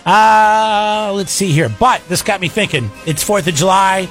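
A man's voice: sits high, normal speed, faint music behind. A man co-hosting a morning radio show, bantering casually and jumping into comic voices. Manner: animated, breaks into comic put-on voices. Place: radio studio. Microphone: studio microphone.

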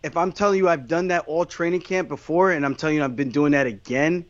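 A man's voice: on the high side, quick pace, dry recording, highs cut off. A man being interviewed about his fighting career, answering in a candid, rambling way with lots of restarts.

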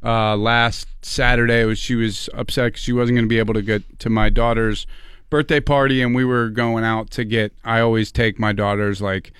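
A man's voice: medium pitch, moderate pace, clean tone, no echo, studio quality. A middle-aged man and podcast co-host, telling family stories in casual chat and acting out his relatives' lines. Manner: animated, acts out family members in quotes.

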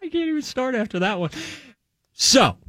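A man from Maryland, co-hosting, emphatic and animated in casual banter. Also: extremely high pitch, normal speed, no echo, studio quality. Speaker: co-host. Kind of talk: casual sports talk banter.

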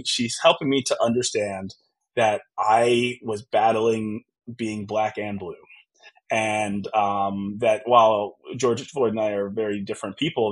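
A man in his thirties, a podcast guest, telling a personal story in an earnest, reflective way with many fillers and restarts. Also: medium pitch. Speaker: podcast guest, tech founder.

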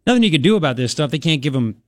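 A man's voice: a little high, sing-song, racing, no echo, studio quality. A man hosting a talk radio show, chatting and rambling in a casual monologue with lots of restarts.

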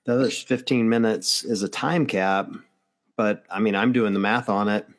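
Low-voiced man, rambling and hedging. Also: steady tone, normal speed. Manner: rambling, hedging, many fillers. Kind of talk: casual chat.

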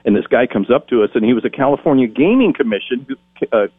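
Talking fast in a slightly rough, medium-pitched voice, a middle-aged man who works as a game show announcer spins stories during an interview. He brings his quotes to life by performing each voice. There's no room sound, though the line sounds tinny, like a phone.

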